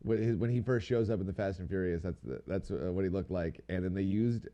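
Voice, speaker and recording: A man's voice: low voice, fairly quick, mellow. A man co-hosting a podcast, chatting casually in a rambling, slangy way and swearing now and then. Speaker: podcast co-host. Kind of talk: casual chat.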